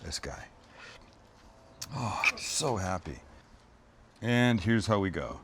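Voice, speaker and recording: His fairly low voice has lively intonation and a slow pace, with background noise around it. Hosting a casual cooking show, he builds a dish while gushing over the food in exclamations and making chatty side remarks to the crew.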